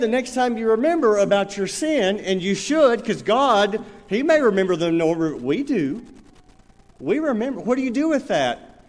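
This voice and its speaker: A man's voice: high-pitched, big pitch swings, moderate pace, long reverb tail. An older man preaching a sermon, telling stories and acting out little dialogues in a conversational way. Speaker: pastor.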